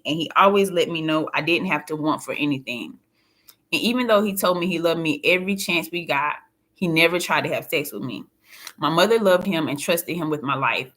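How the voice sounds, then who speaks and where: A woman's voice: low-pitched, fairly bright tone. A woman reading a first-person audiobook in a plain, confiding storytelling voice. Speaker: audiobook narrator.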